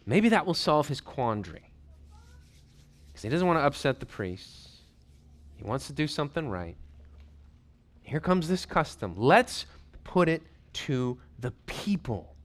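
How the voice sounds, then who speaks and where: A man preaching a sermon, reading and retelling scripture in an animated way and acting out the scenes. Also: fairly high pitch, a little slow, pauses often.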